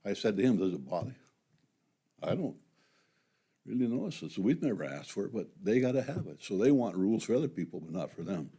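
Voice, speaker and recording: A man's voice: lowish voice, sing-song, fast, mellow, slightly rough. A resident man giving blunt public comment at a county meeting. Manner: blunt, complaining.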